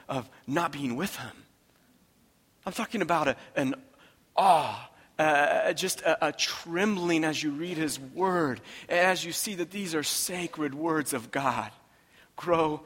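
A man preaching a sermon as pastor, impassioned, swinging from hushed tones to loud emphatic repetition. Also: medium pitch. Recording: long reverb of a large hall.

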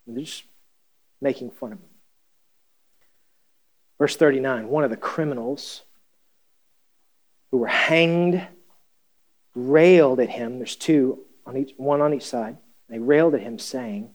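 A pastor preaching a conversational sermon, reading scripture and asking the congregation questions with wry humor. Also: male voice, mid-range voice, normal speed, long pauses, darkish tone.

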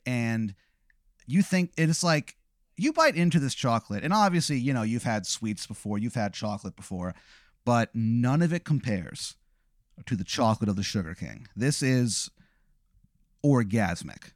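A man's voice: medium pitch, very animated, moderate pace, dry recording, studio quality. A man hosting and telling a vivid, profane, rambling hypothetical story to his guest. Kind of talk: improvised second-person storytelling.

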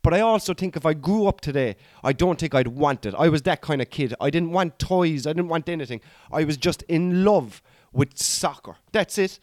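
A man's voice: on the high side, expressive, moderate pace, a little mellow, no echo, studio quality. A man in his thirties with an Irish accent, talking through a comedy bit in a casual, rambling way, swearing and restarting his sentences. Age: 30s. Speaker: comedian podcast host.

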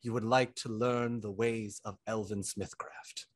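A man voicing an aloof male elven forge master who speaks formally and curtly, low and dry. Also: little pitch movement, measured pace, no room sound. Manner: formal, curt, archaic phrasing.

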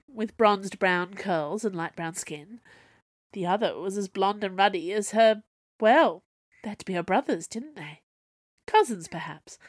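Woman storyteller, expressive, wry, lively pitch, dry close sound. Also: no echo. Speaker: audiobook narrator. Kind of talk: storybook narration.

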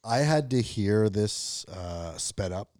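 A man with a fairly low voice trading wry, deadpan one-liners in loose conversation among friends. The sound is dry and close. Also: slow, no echo. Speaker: podcast co-host. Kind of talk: casual chat.

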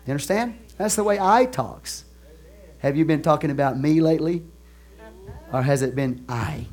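A male pastor with a Texan accent delivers a sermon in a somewhat high voice. He talks to his church like a friend, drops to quiet asides, then builds to loud, driving calls, laughing and joking along the way. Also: lively intonation, normal speed. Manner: conversational preaching that swings from soft asides to loud exhortation; laughs and jokes with the congregation.

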